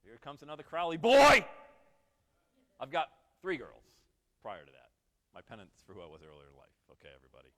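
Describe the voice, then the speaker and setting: Animated man speaking in echoing hall. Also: on the high side, brisk, pauses often. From Western New York, USA. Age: 40s. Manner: animated, joking asides to the audience. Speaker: motivational speaker. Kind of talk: storytelling keynote talk. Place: event hall.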